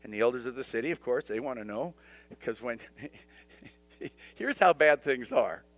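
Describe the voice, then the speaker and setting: A man's voice: medium pitch, animated, measured pace, no echo. A male pastor teaching a Bible study in a conversational way, with humorous asides and dramatized scripture voices.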